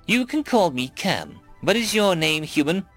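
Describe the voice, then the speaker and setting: A man's voice: high voice, big pitch swings, unhurried, fairly bright tone, faint music behind, voice pushed up, exaggerated voice. A man voicing an eager green alien crew chief with a chirpy, upbeat manner. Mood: brisk.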